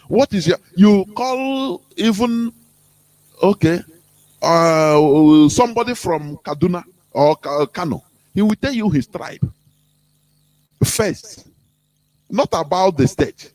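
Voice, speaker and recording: Animated Nigerian man preaching on radio. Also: fairly high pitch, unhurried, dry recording. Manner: preachy, emphatic, laughs between points. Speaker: radio host. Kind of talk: impassioned radio talk.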